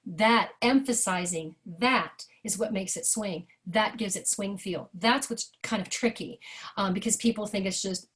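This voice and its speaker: A woman's voice: mid-range voice, unhurried. Chatty woman teaching jazz singing. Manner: chatty, animated, sings rhythm syllables to demonstrate. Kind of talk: online workshop lesson. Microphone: video call.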